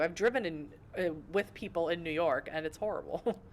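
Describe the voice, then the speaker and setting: Reading a visual novel's story aloud on a home game stream, this American woman keeps stopping for chatty, self-deprecating jokes. Her voice is on the low side and fairly quick.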